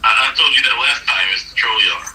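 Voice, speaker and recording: A man's voice: mid-range voice, fairly quick, pushed and bright. A man calling into a talk room, hesitant and stammering as he argues back. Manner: hesitant, stammers before answering. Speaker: caller. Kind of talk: heated call-in argument. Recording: distant call-in line with faint noise.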